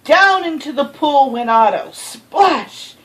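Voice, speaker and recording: Slow, lively woman reading a storybook. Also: sits high, slight background noise, poor audio. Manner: expressive, with gasps and asides to the listener. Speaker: storybook reader. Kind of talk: reading a children's picture book aloud.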